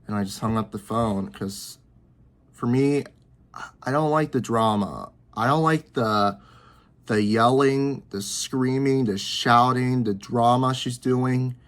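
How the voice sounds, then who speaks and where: A man in his early twenties talking to camera from his bedroom, rambling and repeating himself with halting restarts. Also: mid-range voice, fairly bright tone. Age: 20s. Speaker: vlogger. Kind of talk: personal talk to camera.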